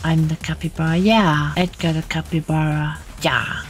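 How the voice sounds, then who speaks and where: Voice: medium pitch, level tone, normal speed, hardly any pauses, faint music behind. A streamer giving casual gaming commentary in a playful way, often muttering whispered sound effects and repeating filler words.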